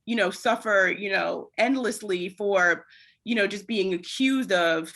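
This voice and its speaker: Bright-voiced woman host, thoughtful. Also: medium pitch, a little slow. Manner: thoughtful, many fillers and hedges. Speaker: podcast host. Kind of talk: casual conversational interview.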